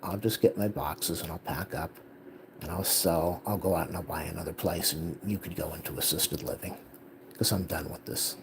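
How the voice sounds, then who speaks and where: A man's voice: sits low, steady tone, moderate pace, vocal fry, background noise. A man telling a personal life update, heatedly retelling a family conflict and quoting the people involved. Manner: emotional, retelling family conflict with quoted dialogue. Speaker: vlogger.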